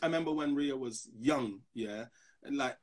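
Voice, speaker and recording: A pastor in his fifties tells personal stories in a casual discussion, animatedly acting out the voices of the other people involved. His medium-pitched voice has a breathy edge and moves at normal speed.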